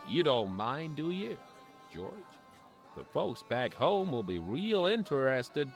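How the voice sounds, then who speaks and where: A middle-aged American tourist in a video game, folksy and eager to talk. His voice is gravelly and swoops widely in pitch. Game music plays under him. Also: big pitch swings, slow. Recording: game audio with music behind.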